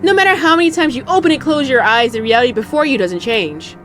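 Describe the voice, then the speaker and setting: A young woman hosting a gaming channel, reading a visual novel aloud with dramatic narration and loud, cursing outbursts. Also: sits high, animated, fast talker, hardly any pauses, faint music behind.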